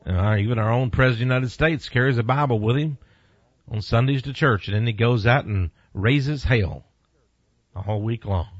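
A man preaching a sermon, emphatic with big swings in pitch and loudness. He speaks to his listeners directly and bluntly, and reads scripture slowly and deliberately. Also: dry recording. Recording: dull lo-fi recording.

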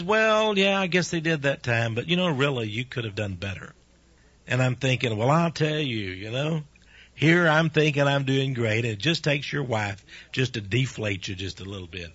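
Older guy preaching on the radio, folksy and chuckly, bright husky voice, dull lo-fi sound. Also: mid-range voice, normal speed, no echo. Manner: chatty, laughing, animated storytelling. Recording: dull, lo-fi dry radio recording.

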